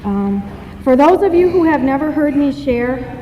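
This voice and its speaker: A woman's voice: high voice, lively intonation, moderate pace, a little hiss or hum. A woman giving a candid, self-deprecating personal testimony as guest speaker at a recovery meeting, joking between serious moments. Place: meeting hall. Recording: echoey hall, dull muffled sound.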